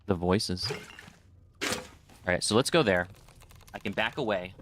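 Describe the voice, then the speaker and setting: A man's voice: deep voice, unhurried, background noise. A man streaming a video game in casual commentary, chatting and reading in-game notes aloud into a desk microphone. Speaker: gaming streamer. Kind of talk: casual let's-play commentary. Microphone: desk microphone at a computer.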